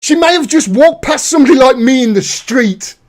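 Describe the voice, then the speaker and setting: A man with an extremely high, lively voice talks a little fast as he hosts a live political commentary stream. He rants angrily and swears often, his tone heated and profane.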